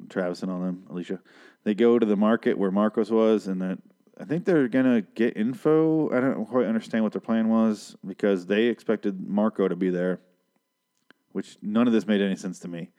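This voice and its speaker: A man's voice: fairly low pitch, a little mellow. A man recapping a TV episode in a casual, profane rant, sarcastic and exasperated. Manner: ranting, sarcastic, heavy swearing.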